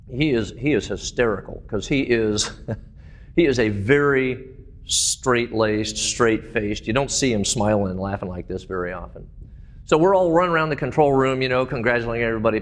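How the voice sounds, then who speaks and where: Enthusiastic man giving a public talk. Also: medium pitch. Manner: enthusiastic storytelling with fillers. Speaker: presenter.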